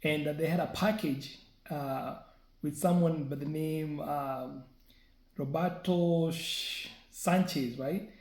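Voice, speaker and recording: This vlogger, a man with a fairly high voice, tells a casual story directly to his viewers, loose and chatty, frequently slipping in a quick "right?" to make sure they're following. His tone is mellow, soft-edged and steady. The audio echoes around a bare room.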